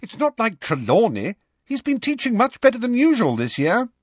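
A man's voice: extremely high pitch, wildly swooping pitch, moderate pace, breathy edge, no echo, lo-fi sound, pitched above the performer's own voice, exaggerated voice. A man voicing a frank, indignant teenage witch girl who sounds puzzled.

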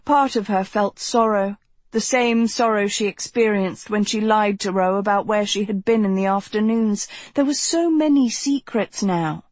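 A woman narrating a novel in an even, measured reading, recorded close to the mic. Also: medium pitch, no echo. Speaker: audiobook narrator. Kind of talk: scripted narration.

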